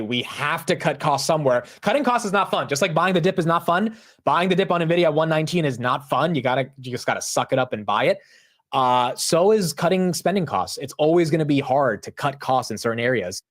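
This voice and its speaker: Slangy chatty man hosting a market stream. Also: mid-range voice. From United States. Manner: slangy and chatty, says bro and dude, laughs often. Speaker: livestream host. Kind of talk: casual live market commentary.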